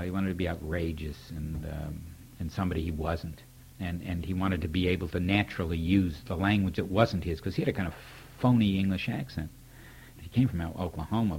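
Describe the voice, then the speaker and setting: A man's voice: low-pitched, gravelly, a little mellow, slight background noise. An older man, a poet, candidly recalling a mentor in wry spoken stories, acting out old conversations. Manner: candid, wry storyteller who acts out remembered dialogue. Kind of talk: reflective spoken reminiscence.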